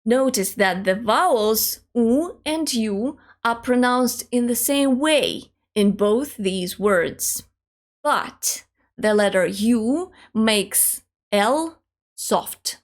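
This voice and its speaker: A woman teaching an online language lesson, demonstrating pronunciation slowly and carefully. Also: on the high side, lively intonation.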